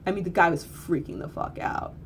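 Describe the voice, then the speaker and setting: A woman's voice: fairly low pitch, fairly quick, a bit bright, slight background noise. A woman telling a story in a casual, blunt, earthy way, swearing freely and repeating phrases for emphasis. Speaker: spiritual teacher.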